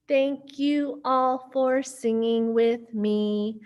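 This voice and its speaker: A woman librarian hosting an online storytime on a video call, reading a picture book to young children in an animated, sing-song way and asking them questions. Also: a little high, measured pace, few pauses.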